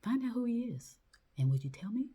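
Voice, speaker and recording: A woman's voice: a little high, sing-song, a little fast, warm tone, slightly rough. A woman talking in a loose, rambling monologue, full of fillers, restarts and swearing. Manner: rambling, loose and profane, lots of fillers and laughs.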